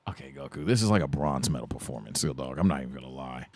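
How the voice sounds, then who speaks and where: A man reacting to an anime recap with casual, excitable and profane commentary, talking straight at the screen. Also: very deep voice, fast talker, hardly any pauses, no echo, clean studio sound.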